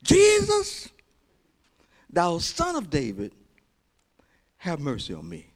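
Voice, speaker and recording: A man preaching who voices a desperate, defiant blind male beggar crying out loudly for help. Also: a little high, huge pitch swings, a little slow, voice pushed up, heavily acted. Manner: shouting, pleading.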